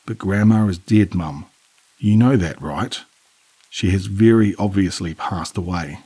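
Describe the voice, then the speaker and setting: A man's voice: low-pitched, measured pace, warm tone, breathy edge, heavily acted. A man voicing a frantic young woman who insists her grandmother is dead, his voice rising in alarm. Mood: insistent.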